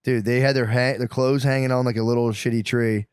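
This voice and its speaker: A man's voice: medium pitch, fairly even intonation, brisk, clean tone, dry recording, clean studio sound. A man co-hosting a comedy podcast, telling crude stories in casual chat and laughing through them while acting out strangers. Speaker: podcast co-host.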